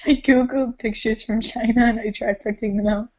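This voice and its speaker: A woman's voice: fairly high pitch, fairly even intonation, normal speed, a little mellow. Giggly teen girl on a lo-fi phone. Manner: giggly, rambling storyteller. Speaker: community call participant. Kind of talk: casual group chat. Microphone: cell phone. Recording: dull lo-fi phone audio.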